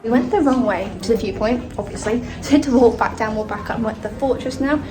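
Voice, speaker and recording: A woman's voice: a little high, fast, low-quality recording. A young woman chatting casually and laughing often as she films a travel vlog on a handheld phone, walking around outdoors and inside a hotel room. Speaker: travel vlogger. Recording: music playing under the voice.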